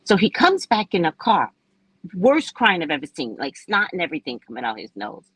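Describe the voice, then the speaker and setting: A woman tells a story in a loose, casual chat, her husky voice swinging up and down with lively energy. She is blunt and profane and laughs often. The sound is dry and close, with no room echo. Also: on the low side, fairly quick. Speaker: psychic reader and live-stream host.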